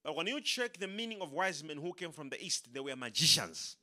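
A man preaching a sermon, animated, repeating his words and acting out the people he quotes. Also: fairly high pitch, a little fast.

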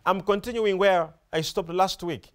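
In a smooth, high voice at a moderate pace, a male preacher gives an emphatic sermon. He repeats words and phrases with lively rises and falls. He regularly pauses to pose questions to the congregation.

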